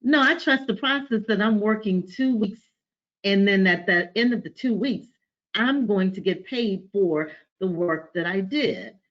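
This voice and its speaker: A woman on a webinar panel over a video call, speaking emphatically and repeating key phrases. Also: on the low side. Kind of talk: casual discussion. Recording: dull lo-fi call audio.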